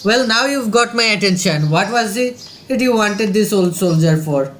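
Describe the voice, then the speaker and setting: A man voicing a modest, aging male army general in a game's dialogue, read in a gruff but kindly way. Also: sits high, expressive, moderate pace, fairly bright tone, soft background music.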